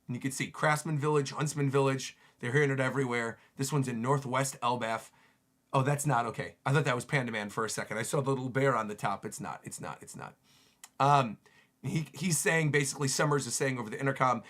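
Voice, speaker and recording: A man streaming a manga chapter reaction, reading the panels aloud and reacting with excitement. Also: mid-range voice, a little fast. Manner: excitable, reads panels aloud with rising voices and laughs.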